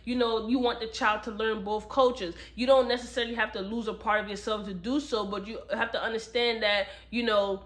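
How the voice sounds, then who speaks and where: A young woman hosting a casual book review, retelling the plot in a chatty, animated way with slang. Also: on the high side, a little fast, few pauses.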